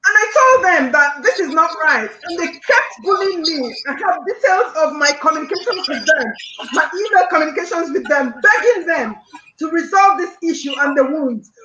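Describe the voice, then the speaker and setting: A woman's voice: sits high, expressive, moderate pace, echoey room, background noise. A woman caller on a live call-in show, earnestly recounting a distressing personal dispute and sometimes near tears. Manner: distressed, earnest, repeats points insistently.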